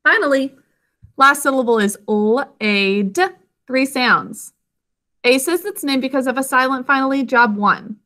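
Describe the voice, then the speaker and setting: A woman's voice: high-pitched, unhurried, bright, forceful tone. A woman teaching a spelling lesson to children, patiently sounding words out syllable by syllable over a video call.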